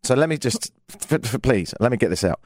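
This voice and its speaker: A man's voice: medium pitch, expressive, a little fast, no echo. A man from England with a London accent, co-hosting a casual comedic chat and telling stories with dry jokes. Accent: London English. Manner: dry, joking storyteller. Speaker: co-host.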